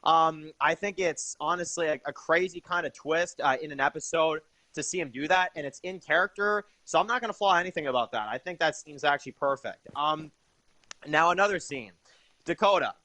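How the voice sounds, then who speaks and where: Bright, dry-voiced young man rambling. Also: a little high, brisk, no echo. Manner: enthusiastic, rambling with many fillers. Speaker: TV episode reviewer. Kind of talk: casual opinion review.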